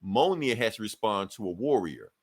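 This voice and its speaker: A man's voice: on the low side, big pitch swings, moderate pace. A man co-hosting a podcast, recapping a comic book in a loose, profane, laughing way. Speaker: podcast co-host.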